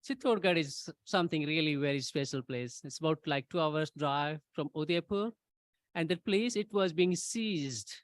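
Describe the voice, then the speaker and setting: Earnest man, slightly high voice. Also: moderate pace, dry recording. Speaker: guest. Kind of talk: casual storytelling.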